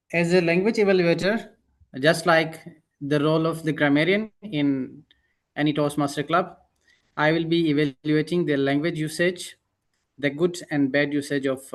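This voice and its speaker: A man explaining his job as language evaluator at a club meeting, hesitant with frequent fillers. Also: fairly high pitch.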